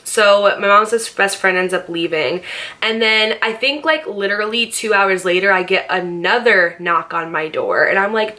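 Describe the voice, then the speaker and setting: Bright-voiced young woman telling a story. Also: on the low side, brisk. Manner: chatty and animated, swears freely, acts out quoted voices. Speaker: storytime vlogger. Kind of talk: casual storytelling to camera.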